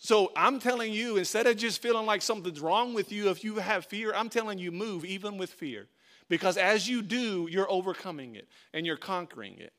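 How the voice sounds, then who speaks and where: A man's voice: high-pitched, lively intonation, fairly quick, fairly bright tone. A man preaching a sermon, telling a personal story and acting out the voices in it. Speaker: pastor.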